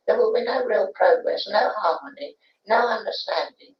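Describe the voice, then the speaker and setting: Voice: mid-range voice, vocal fry, natural voice. A medium voicing the spirit of a young Cockney boy, preaching earnestly about human potential on an archival recording. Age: about 12 as played. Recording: roomy, dull archival séance tape.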